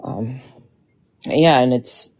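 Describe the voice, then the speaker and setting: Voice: medium pitch, extremely slow, darkish tone, husky, dry recording. A caller talking casually and hesitantly, with many fillers and trailing thoughts. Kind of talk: casual conversation.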